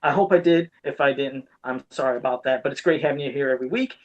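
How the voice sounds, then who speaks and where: A man hosting a casual podcast, telling stories with lively energy and signing off the show. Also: mid-range voice, fast talker, dull audio. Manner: animated storyteller, laughs often. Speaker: podcast host.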